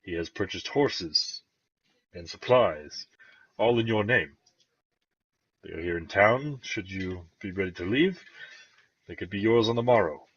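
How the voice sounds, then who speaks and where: A man's voice: sits low, animated, unhurried, long pauses, slightly rough, heavily acted. A man voicing a formal, courteous male town official who speaks in old-fashioned phrasing. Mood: measured. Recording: dull lo-fi sound.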